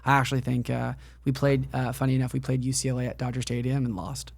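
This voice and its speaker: A man's voice: mid-range voice, flat delivery, fast, vocal fry, dry recording. A man hosting a podcast interview, asking long winding questions full of "like.". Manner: leans on "like" as filler, talks in long winding questions. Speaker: podcast host. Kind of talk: casual interview chat.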